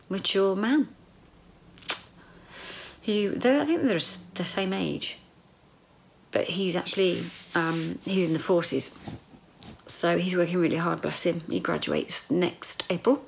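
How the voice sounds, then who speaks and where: Speaking in a fairly low, creaky voice, this middle-aged vlogger wanders emotionally through her video diary, often lowering to a whisper. Slight background noise sits under the recording.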